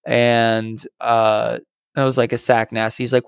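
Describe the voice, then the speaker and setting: A young man co-hosting a podcast, telling a story in a lively way, acting out other people's lines and swearing casually. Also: on the low side, a little slow, creaky, clean tone, dry recording, clean studio sound. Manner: animated storyteller, acts out quoted voices, swears casually. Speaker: podcast co-host.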